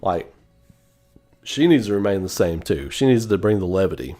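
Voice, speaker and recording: A man from the Southern United States chatting casually on a livestream, animated and rambling, answering chat and laughing often. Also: deep voice, moderate pace, soft background music. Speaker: online gaming commentator.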